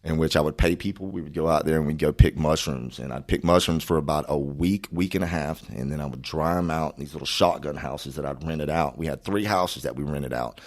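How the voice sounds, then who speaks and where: A man from Florida with an extremely deep voice. He is a podcast guest telling a long story in casual chat. His talk is laid-back, rambling and full of cursing. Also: a little fast, hardly any pauses.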